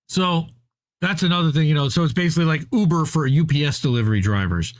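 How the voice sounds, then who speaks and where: A man's voice: a little high, fast talker. A man co-hosting a podcast, ranting about labor in casual, profane, fired-up chat. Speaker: podcast co-host.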